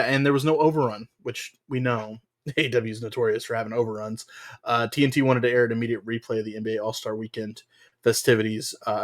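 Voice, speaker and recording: A man co-hosting a casual wrestling podcast, rambling through the news with frequent "uh"s and laughs. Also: medium pitch. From United States. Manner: rambling, laughs often, lots of filler "uh". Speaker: podcast co-host.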